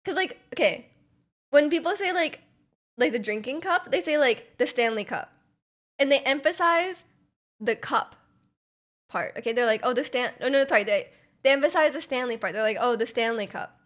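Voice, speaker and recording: A woman's voice: high-pitched, lively intonation, moderate pace, long pauses, fairly bright tone. A young woman from Canada, a streamer chatting casually with her live chat, rambling with lots of restarts and fillers and laughing often.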